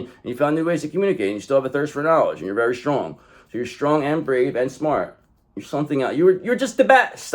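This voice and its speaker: A man giving a casual tarot card reading, blunt and profane, rambling as he talks straight to the viewer. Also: mid-range voice. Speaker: tarot reader.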